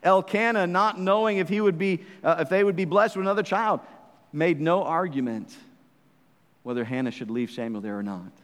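A man preaching a sermon in a church, fervent and full of rhetorical questions, swinging from hushed to loud. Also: high-pitched, normal speed, in a large hall. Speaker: pastor.

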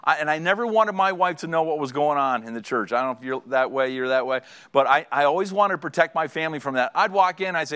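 A middle-aged male pastor delivering a sermon, lively and joking as he acts out little scenes from married life. His voice sits a touch higher than most men's. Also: fast talker, few pauses, clear, resonant tone. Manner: animated storytelling, acting out conversations; joking, draws audience laughter.

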